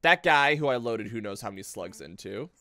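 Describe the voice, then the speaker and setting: A man streaming a video game, giving casual, excitable commentary full of swearing and jokes. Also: on the low side, fairly quick. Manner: excitable, profane, joking.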